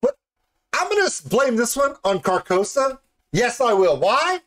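A man chats through his reaction to a music video with a rambling, jokey energy. His pitch jumps up and down a lot, and he keeps laughing at his own tangents. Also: very animated, normal speed, a bit bright. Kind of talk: casual reaction commentary.

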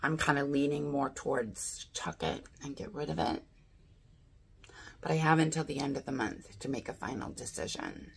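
A woman's voice: very deep voice, lively intonation, normal speed, a little hiss or hum. A woman chatting casually through a beauty box unboxing, thinking aloud and asking her viewers what she should do. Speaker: beauty vlogger.

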